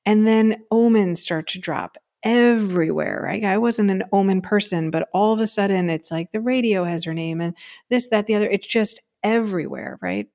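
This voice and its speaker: A woman's voice: medium pitch, moderate pace, a little mellow. A woman co-hosting a podcast, telling a personal story in a casual, conversational way and often asking "right?". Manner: storytelling, frequently asks "right?" and says "um". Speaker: podcast co-host.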